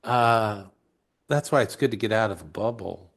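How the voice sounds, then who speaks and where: A man from the United States, a guest author, telling heartfelt stories slowly and reflectively in an interview. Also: on the low side, vocal fry, a bit bright. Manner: heartfelt, emotional, slow and searching.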